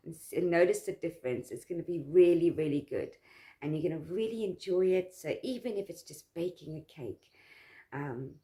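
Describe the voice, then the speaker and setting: A woman's voice: on the low side, darkish tone. A woman talking casually to her own camera, earnest and rambling, repeating herself and getting emotional. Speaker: vlogger.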